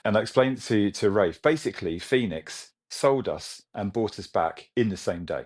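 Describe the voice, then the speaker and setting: A man in his forties from Britain, a company chief talking with animated enthusiasm in a business interview. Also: fairly low pitch, normal speed. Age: 40s. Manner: enthusiastic, animated storytelling with laughs. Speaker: CEO guest.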